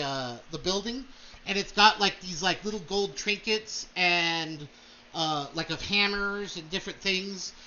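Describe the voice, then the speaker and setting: Young male game master, high bright voice, loose narration, dull home recording. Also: slight background noise. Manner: rambling, filler-heavy narration.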